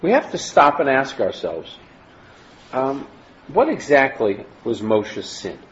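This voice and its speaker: A man's voice: medium pitch, huge pitch swings, takes it slowly, slight background noise. A man teaching a Torah class, reading passages from a text aloud and explaining them with frequent restarts. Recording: dull lo-fi recording.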